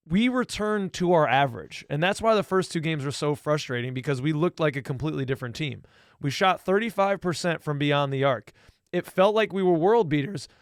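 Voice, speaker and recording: A man co-hosting a casual sports podcast, talking as an enthusiastic, excited fan. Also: a little high, smooth, no echo, studio quality. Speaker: podcast co-host.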